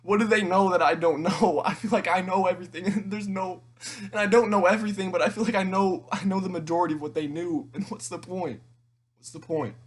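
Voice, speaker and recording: A teenage man in an emotional monologue to camera, tearful and halting, rambling with frequent restarts and swearing. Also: high voice, fairly even intonation, slight background noise. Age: teens. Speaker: vlogger.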